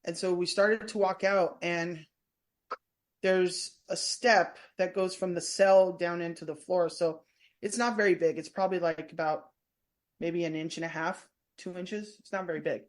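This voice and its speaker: A woman's voice: lowish voice, steady tone, moderate pace. A woman telling stories as a guest in a casual interview, meandering and often restarting her sentences. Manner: chatty, meandering, full of restarts. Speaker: guest, former prison staff member and tour guide. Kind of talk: casual storytelling in a podcast interview.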